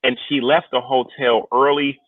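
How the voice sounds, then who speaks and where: A man in his thirties co-hosting a podcast, chatting casually about sports with animated, exclamatory reactions. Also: medium pitch, normal speed, dry recording. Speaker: podcast co-host. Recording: tinny phone-like line.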